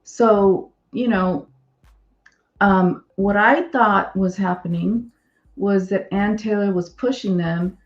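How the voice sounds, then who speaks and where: A woman's voice: medium pitch, steady tone, slow. Blunt lady explaining legal stuff on a podcast, echoey room, kinda dull sound. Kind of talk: casual discussion.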